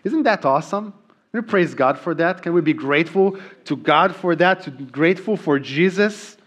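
A man's voice: a little high, lively intonation, normal speed, a bit bright, husky. A middle-aged man from Israel, a native Hebrew speaker with an Israeli accent, preaching a sermon in an earnest way with frequent ums and restarts. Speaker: pastor.

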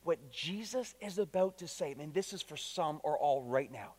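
Male preacher, pretty high voice, keeps repeating stuff and quizzing the church, long hall reverb. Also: lively intonation, normal speed, a little mellow. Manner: emphatic, repeats key phrases, asks the congregation direct questions. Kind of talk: sermon.

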